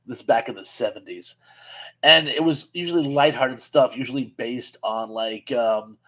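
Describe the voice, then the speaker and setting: A man's voice: medium pitch, normal speed, pushed and bright, poor audio. A man in his fifties hosting a casual live chat, reading viewer comments aloud and rambling with frequent restarts.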